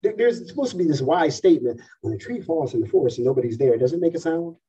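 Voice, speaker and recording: Male preacher, fairly high husky voice, plain dull recording. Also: animated, quick pace, warm tone. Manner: conversational, checks in with the congregation. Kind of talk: sermon. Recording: dull distant mic in a room.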